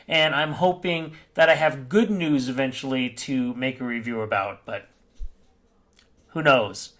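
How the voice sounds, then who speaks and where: A man chats to his viewers in a loose, rambling vlog style, stopping to correct himself as he goes. His voice sits a little higher than most men's. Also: fairly bright tone. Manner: rambling, off-the-cuff, self-correcting. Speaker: crypto mining YouTuber. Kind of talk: casual vlog talk.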